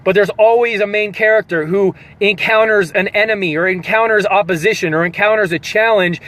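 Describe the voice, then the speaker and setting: A man's voice: sits high, fairly even intonation, a little fast, a bit bright. A man speaking as a fitness coach in an earnest, emotional motivational pep talk, repeating phrases for emphasis. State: holding back tears.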